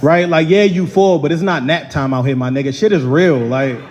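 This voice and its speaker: A man's voice: on the high side, normal speed. A man in his thirties with a Baltimore accent, performing a stand-up comedy set on a large theater stage, telling stories and acting out quoted voices. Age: 30s. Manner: animated, storytelling with quoted voices. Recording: live theater with long reverb.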